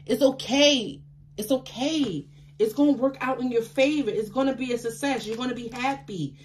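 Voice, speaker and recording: Excitable, high-voiced tarot reader woman. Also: fast, a little hiss or hum. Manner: chatty, affectionate, calls listeners baby; excitable, bursts of laughter and exclamations. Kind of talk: intuitive tarot reading to viewers.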